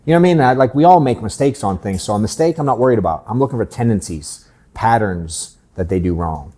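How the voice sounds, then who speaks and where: A man's voice: on the low side, expressive, fast, dark tone. A man in his thirties, a sales coach hosting a workshop in his office, talking bluntly and candidly and swearing casually.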